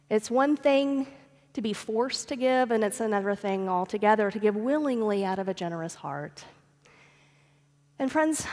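A woman pastor preaches from the pulpit of a church sanctuary. She has a somewhat high voice, and a long reverb trails her words through the hall. She tells her stories warmly and calls the congregation her friends. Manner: storytelling, addresses the congregation as friends. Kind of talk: sermon.

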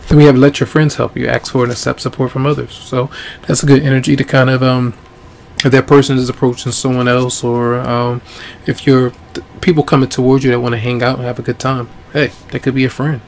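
Hoarse gravelly man reading tarot. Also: medium pitch, little pitch movement, brisk, slight background noise. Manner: easygoing, rambling with many ums. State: losing his voice, hoarse. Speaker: tarot reader. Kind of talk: casual tarot reading to camera.

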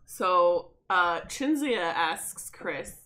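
A woman's voice: lowish voice, animated, very slow, sharp tone. A woman co-hosting a podcast, telling stories animatedly and laughing often. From Canada. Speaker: podcast co-host. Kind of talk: casual chat.

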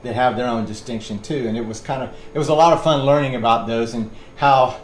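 A man's voice: medium pitch, fairly quick. A middle-aged man, a fitness instructor rambling and counting reps as he leads a workout class. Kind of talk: leading a workout class with chat. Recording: echoey room with background noise.

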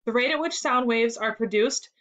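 A woman reading the lines of a patient adult male musician who explains clearly. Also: fairly high pitch, moderate pace, fairly bright tone, lightly acted. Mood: explaining.

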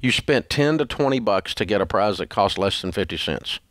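A man's voice: lowish voice, expressive, normal speed, a bit bright, no room sound, clean studio sound. A male radio host giving blunt money advice in an emphatic, scolding, repetitive way. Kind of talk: blunt call-in advice talk.

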